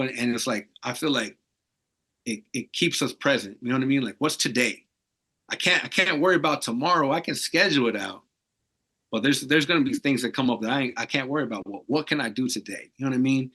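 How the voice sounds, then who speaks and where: A man from Arizona opens up as a podcast guest, his voice bright and forward yet husky at the edges. He talks in loose, slangy runs, tossing in "bro" constantly while staying earnest and reflective. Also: mid-range voice, fairly quick. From Arizona, USA. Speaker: podcast guest, tattoo artist. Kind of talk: casual candid storytelling.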